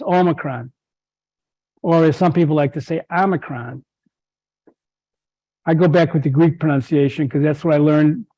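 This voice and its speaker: A man's voice: a little high, warm tone. A middle-aged man, a physician giving a club presentation, explaining patiently with wry asides and frequent restarts. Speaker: guest speaker physician. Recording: dull lo-fi lecture recording.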